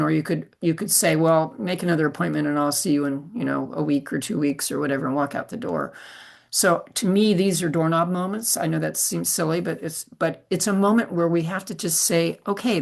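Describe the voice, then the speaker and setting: A middle-aged woman doctor speaking on a panel over a video call, gentle and measured, often restarting her sentences. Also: fairly low pitch, creaky. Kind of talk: casual panel discussion. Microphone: video call mic.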